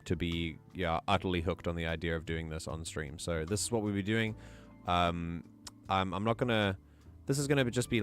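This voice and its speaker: Low-voiced man streaming a game. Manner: chatty and excitable, with frequent fillers and restarts. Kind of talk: casual live-stream gameplay commentary.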